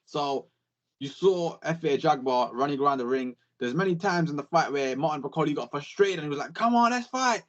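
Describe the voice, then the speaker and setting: Sweary, animated young man. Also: a little high, fairly quick, lo-fi sound. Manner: animated, sweary, repeats catchphrases. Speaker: podcast co-host. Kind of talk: casual boxing chat.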